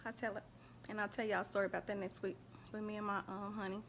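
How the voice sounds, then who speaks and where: A woman hosting a casual faith and relationship live stream, chatting animatedly and shouting out viewers by name. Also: mid-range voice, level tone, fast talker, gravelly, slight background noise.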